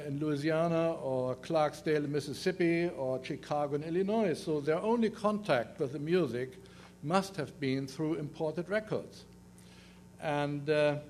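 An older man with a heavy German accent delivers a conference talk in a fairly high voice, pausing often on "uh" and restarting his sentences. A faint hum sits under his speech. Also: darkish tone. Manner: halting, many "uh" fillers and restarts. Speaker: guest lecturer. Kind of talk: conference presentation.

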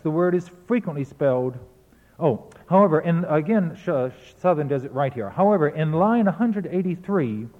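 Pedantic male lecturer, echoey and dull. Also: a little high. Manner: precise, pedantic, self-correcting. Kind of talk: spoken lecture on recordings and verse.

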